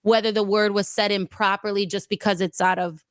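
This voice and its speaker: A woman from Minnesota in her thirties, a Spanish-language radio host, chatting casually and telling animated stories that slip into Spanish. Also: medium pitch, fairly quick, clear, resonant tone, no echo, studio quality. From Minnesota, USA. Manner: animated storyteller, switching into Spanish. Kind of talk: casual podcast chat.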